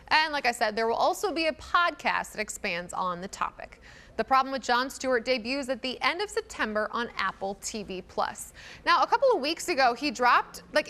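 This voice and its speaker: A woman's voice: fairly high pitch, pushed and bright. A woman cohosting a live TV talk show, chatty and upbeat as she presents entertainment news.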